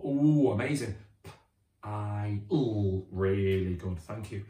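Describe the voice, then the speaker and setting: A British man teaching a children's phonics lesson, sounding out words slowly and cheering the children on. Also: on the low side, roomy sound. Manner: animated, drawn-out sounding out of words.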